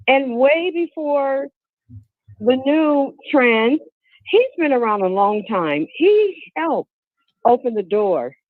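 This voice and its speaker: Caller: a woman with a high, swooping voice, earnest and opinionated, on a dry phone line. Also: no room sound. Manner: earnest, opinionated, asks the host directly. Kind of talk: call-in opinion.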